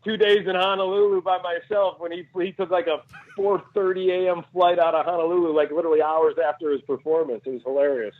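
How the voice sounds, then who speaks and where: A man's voice: a little high, fairly even intonation, quick pace. A man from Cleveland, a comedian telling rambling stories in a casual interview, laughing often and restarting his sentences. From Cleveland, Ohio, USA. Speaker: comedian guest. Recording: tinny phone-like line.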